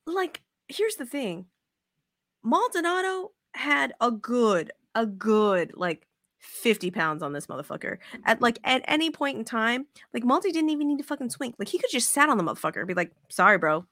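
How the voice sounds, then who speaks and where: A woman's voice: on the high side, moderate pace, no room sound, clean studio sound. A woman hosting a casual sports podcast, cursing freely and acting out players' voices. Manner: profane, animated, acts out quotes. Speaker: podcast host.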